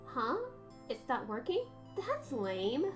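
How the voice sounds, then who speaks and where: A woman's voice: on the high side, huge pitch swings, slow, heavily acted. A woman voicing a bubbly teenage girl who teases her older sister in a perky way. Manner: perky, teasing. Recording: game music behind.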